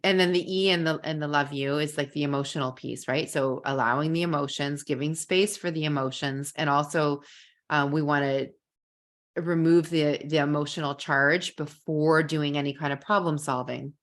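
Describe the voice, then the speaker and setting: A woman with a slightly low voice who teaches kindergarten, presenting a live parenting masterclass online. She tells her classroom stories earnestly and often repeats a word while gathering her thoughts. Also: steady tone, normal speed. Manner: earnest, storytelling, repeats words while thinking.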